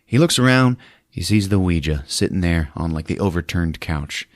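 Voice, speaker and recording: Man, podcast host, casual movie recap, laughs a lot, acts out lines, animated, dry sound. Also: sits low, normal speed, no echo. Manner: laughs through retelling, acts out characters' lines.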